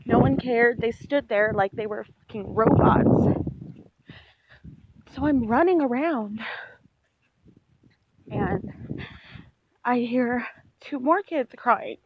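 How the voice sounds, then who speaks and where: A woman vlogger recounting a dream as she walks outside, telling it in a rambling, animated way with lots of "like". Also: on the high side, takes it slowly, long pauses, slight background noise. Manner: rambling, animated storytelling full of "like". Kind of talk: walk-and-talk dream retelling. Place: outdoors on a street while walking. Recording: dull lo-fi recording.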